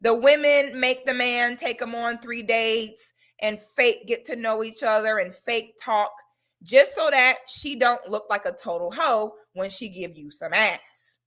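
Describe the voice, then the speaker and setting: A woman hosting a casual livestream talk, giving blunt, opinionated advice in an animated way. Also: on the high side, unhurried. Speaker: online talk host.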